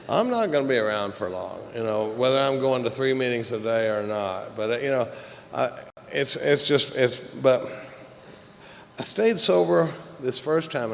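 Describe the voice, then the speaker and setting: In an echoey meeting hall, with a slight hiss on the recording, a middle-aged Texan addresses a recovery meeting as the AA speaker. His voice is mid-range and gravelly, and his talk is frank, funny, and full of swearing, wandering along with plenty of fillers.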